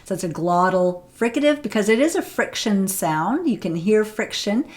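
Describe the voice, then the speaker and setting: A woman's voice: mid-range voice, expressive, normal speed. A woman teaching pronunciation on camera, explaining sounds and demonstrating them, often checking with "right?".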